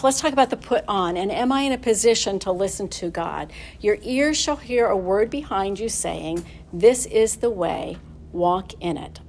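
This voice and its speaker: A middle-aged woman gives a relaxed Bible teaching, chatty and quick to laugh, often turning a point into a question for her listeners. Her voice sits at an ordinary middle pitch. A faint hum of room noise runs underneath. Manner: warm, conversational, laughs often, asks the audience questions.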